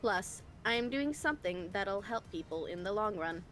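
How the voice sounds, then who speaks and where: A woman's voice: mid-range voice, animated, normal speed, a bit bright, faint music behind, natural voice. A woman voicing a chipper, slightly robotic brain in a jar. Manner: upbeat and flirty. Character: cheerful, energetic female brain in a jar. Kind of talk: fan voicing of game dialogue. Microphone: voice call over the internet.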